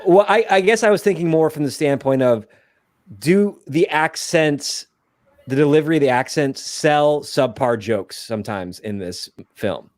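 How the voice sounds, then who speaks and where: A man's voice: on the high side, expressive, measured pace, darkish tone, no room sound, clean studio sound. A young man talking in a casual podcast chat, hesitant and stumbling over his words. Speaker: podcast guest.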